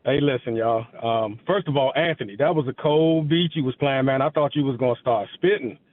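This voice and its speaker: A middle-aged man calling into a radio show, talking in an animated, emphatic way. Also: mid-range voice, a little fast. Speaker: caller. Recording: tinny phone line.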